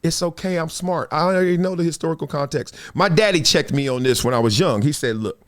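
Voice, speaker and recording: A man hosting a podcast, giving animated, preachy commentary and acting out little quoted exchanges. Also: fairly high pitch, quick pace, few pauses. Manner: preachy, dramatic, acts out quotes. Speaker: podcast host.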